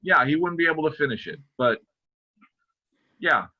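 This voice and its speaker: An older man, a pastor, chatting casually on a podcast, telling stories and halting jokes and sometimes losing his place. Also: on the high side, lively intonation, highs cut off. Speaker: pastor and guest father.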